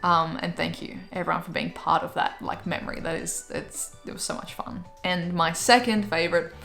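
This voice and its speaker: Faint music plays in an echoey room as a young woman from Australia vlogs her monthly favourites, cheerful and chatty with lots of "like." Her lowish voice is gravelly and a bit bright, with fairly even intonation at a normal speed.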